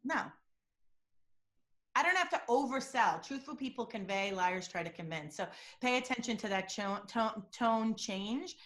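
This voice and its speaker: A woman guest expert in an interview, explaining how to spot lying in a lively way, acting out quoted voices. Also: moderate pace. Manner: lively, acts out quoted voices with big pitch jumps. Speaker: guest expert on lie detection. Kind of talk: animated interview talk.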